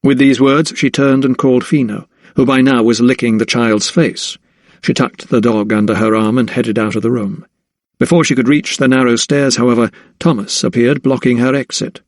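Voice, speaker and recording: A man narrating a historical mystery audiobook in a steady, even storytelling voice. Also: medium pitch, dry recording, studio quality. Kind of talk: scripted narration.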